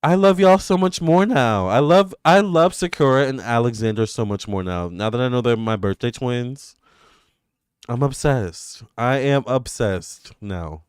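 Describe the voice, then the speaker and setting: A man, hosting live tarot readings and chatting excitedly with viewers. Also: medium pitch, smooth, no echo, clean studio sound. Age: 30s. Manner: excitable and gushing, quick swings between squeals and murmurs. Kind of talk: casual livestream chat with viewers.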